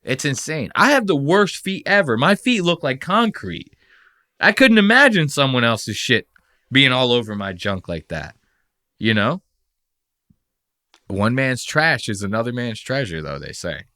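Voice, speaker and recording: A man's voice: medium pitch, very animated, measured pace, bright, forceful tone, no echo, clean studio sound. A man hosting a podcast, ranting in a casual, profane and mocking way. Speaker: podcast host. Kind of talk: casual comedic podcast rant.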